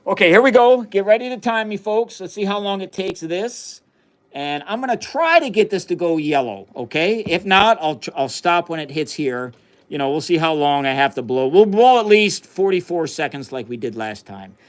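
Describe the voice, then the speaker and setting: This American man hosts a chemistry livestream in a relaxed, chatty way, laughing often as he performs experiments for viewers. His expressive voice sits high and moves at normal speed.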